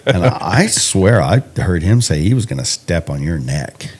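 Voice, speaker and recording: A man's voice: low-pitched, sing-song, moderate pace, darkish tone, breathy edge. A man co-hosting a podcast, chatting casually and joking with frequent laughs. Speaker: podcast co-host. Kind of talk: casual chat. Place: indoors podcast recording.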